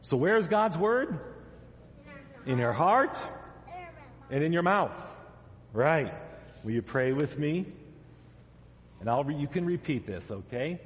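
Slow-speaking pastor coaxing children. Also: male voice, a little high, very animated, slight background noise. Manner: gentle, questioning, coaxing children to answer. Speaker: pastor giving a children's message. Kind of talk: children's sermon. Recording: dull sound in a long-echo church hall.

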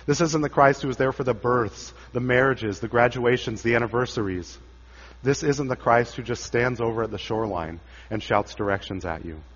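A man preaching a dramatic sermon, his voice swelling for quoted cries and sinking low for the solemn moments. The sound is a bit dull and muffled, with a long reverb trailing off every phrase. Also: normal speed, slightly rough. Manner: dramatic, rises for quoted cries and drops low for quiet lines.

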